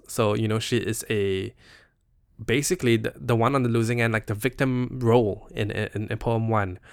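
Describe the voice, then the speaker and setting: A man's voice: mid-range voice, vocal fry, clean tone, dry recording, studio quality. A young Singaporean man hosting a podcast, casually unpacking a poetry book in a chatty, playful way, full of "you know" and "like". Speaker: podcast host. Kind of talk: casual solo literary analysis.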